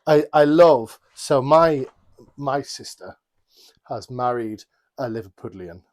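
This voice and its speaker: A man talking through scripture on a relaxed podcast, with a voice that sits in the middle of the male range. He wanders, repeats his words and stops to apologise before carrying on. It sounds like an easy, unscripted conversation. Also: medium pitch, takes it slowly. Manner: rambling, self-interrupting, apologetic asides. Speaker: podcast co-host. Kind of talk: casual Bible study chat.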